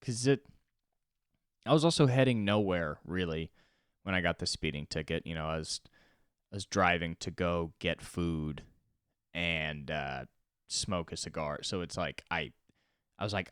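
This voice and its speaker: A young man with a very low, smooth voice hosts his own comedy podcast alone. He rambles and swears, jumping from loud outbursts to low mumbles, and the recording is close and dry. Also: expressive, slow pace, pauses often, no echo. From Los Angeles. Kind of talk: solo podcast monologue.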